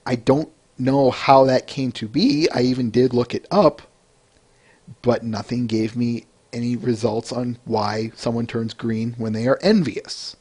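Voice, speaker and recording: A man in the middle pitch range hosts a casual review podcast. He rambles and restarts often, and stops to answer listeners by name between his points. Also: fairly even intonation, measured pace, darkish tone, slightly rough. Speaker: podcast host.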